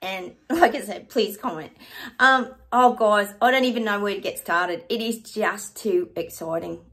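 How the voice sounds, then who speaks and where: A woman's voice: mid-range voice, measured pace, a bit bright. A woman, hosting her own psychic channel and chatting casually and effusively to her viewers.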